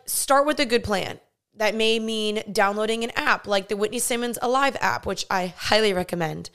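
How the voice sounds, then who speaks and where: Smooth-voiced chatty young woman. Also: on the high side, a bit bright. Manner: earnest, chatty, frequent "like". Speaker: podcast host. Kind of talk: faith-based casual talk.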